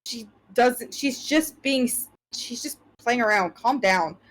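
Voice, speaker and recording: A woman voicing a calm, reasonable male stable hand who talks his partner down. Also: on the high side, takes it slowly, poor audio.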